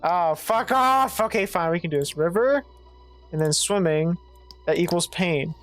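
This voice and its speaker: A woman streamer giving let's play commentary, thinking out loud, swearing freely and reading game text aloud, with faint game music behind. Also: lowish voice, lively intonation, unhurried. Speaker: gaming streamer.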